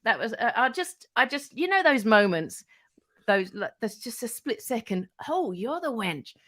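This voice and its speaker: Woman, middle-aged, radio presenter as chatty guest, animated and a bit sweary. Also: fairly high pitch, moderate pace. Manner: animated, acts out quoted voices, swears freely. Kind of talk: casual anecdote telling.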